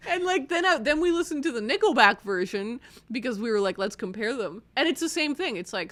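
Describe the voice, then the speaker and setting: A woman's voice: a little high, animated, a little fast, hardly any pauses, fairly bright tone. A Canadian woman co-hosting a podcast, chatting casually, giggling and reading out listener comments. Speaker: podcast co-host.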